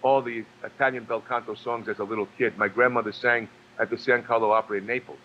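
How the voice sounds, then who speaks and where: A man from New York, a guest actor and singer, telling stories in a halting way with many restarts and fillers. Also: medium pitch, fairly even intonation, highs cut off, slight background noise. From New York, USA. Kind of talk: casual storytelling interview.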